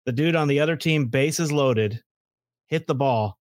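A man's voice: medium pitch, unhurried, no room sound, studio quality. A man hosting a podcast, eagerly jumping in with his own story and stumbling over his words. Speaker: podcast host. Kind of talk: casual chat.

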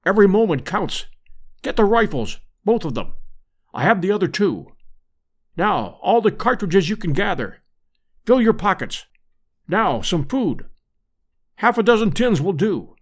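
A man's voice: sits high, very animated, unhurried, long pauses, heavily acted. A man voicing a brash, hardy English adventurer lord in an audiobook, with clipped, urgent commands. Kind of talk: audiobook character voice.

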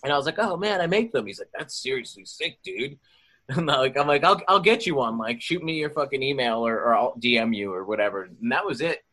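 A man telling stories in casual podcast chat, profane and animated. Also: mid-range voice, fast talker.

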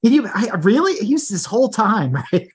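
Husky-voiced teasing podcast guest. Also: medium pitch, sing-song, moderate pace. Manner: teasing, quizzes the others with playful questions. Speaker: guest podcaster, car enthusiast. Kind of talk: casual film-discussion podcast chat.

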